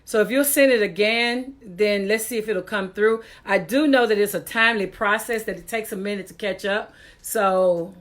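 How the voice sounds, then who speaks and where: A woman's voice: mid-range voice, normal speed, few pauses. A woman hosting a casual live-stream talk show, chatty, laughing often and exasperated at technical glitches, talking into a computer mic.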